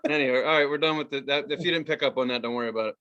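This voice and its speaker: A man's voice: mid-range voice, racing, dull audio. A man co-hosting a casual podcast, telling a work story and acting out every quote with lots of laughter. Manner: animated storyteller, acts out quotes, laughs often. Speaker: podcast co-host.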